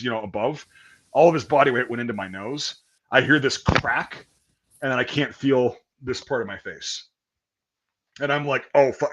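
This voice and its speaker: Profane, animated storytelling man. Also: medium pitch. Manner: profane, animated storyteller, acts out quoted voices. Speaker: podcast host. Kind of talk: casual chat, storytelling.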